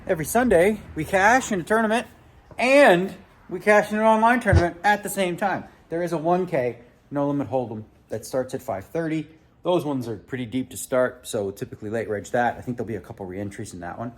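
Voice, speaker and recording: A vlogger and poker player chats casually to camera around his home, both in the backyard and indoors, joking and talking to his dogs. His voice is fairly high and a little fast, with a bit of wind and noise behind him.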